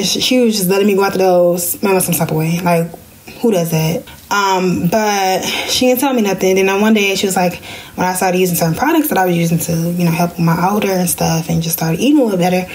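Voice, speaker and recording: A young woman, telling a personal story in a casual podcast vlog and jumping into high voices when she quotes people. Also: quick pace, darkish tone. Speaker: podcast host.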